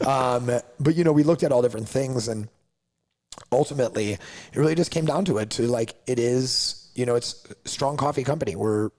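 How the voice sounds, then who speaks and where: A man's voice: mid-range voice, a little fast. A man, a coffee company founder, telling a story in casual conversation, acting out other people's lines and saying "like" a lot. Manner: animated, acts out others' lines, heavy use of "like".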